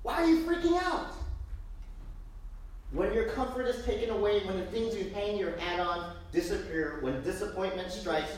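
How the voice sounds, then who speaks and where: A woman pastor preaching a sermon in a lively, joking way, full of rhetorical questions, in a church. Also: medium pitch, moderate pace, slight background noise. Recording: very echoey room, distant mic.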